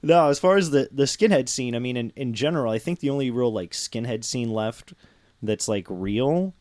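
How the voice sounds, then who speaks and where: A man's voice: medium pitch, lively intonation, moderate pace, darkish tone, no echo. A tired man talking casually as a guest, rambling with lots of fillers and restarts. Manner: rambling, full of fillers and restarts, laughs easily. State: tired from little sleep. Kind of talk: casual chat.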